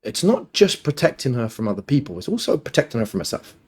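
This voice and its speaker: A man's voice: mid-range voice, very animated, quick pace, husky. A man telling rambling personal stories as a podcast guest, often swearing and quoting himself. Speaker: podcast guest, dating coach. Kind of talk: casual storytelling in conversation.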